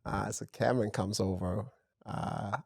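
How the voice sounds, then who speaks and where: A man, a fashion house founder, telling a lively anecdote in a casual interview. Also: lowish voice, a little slow, vocal fry, slightly rough, no room sound, studio quality. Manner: animated anecdote telling with fillers. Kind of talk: casual storytelling chat.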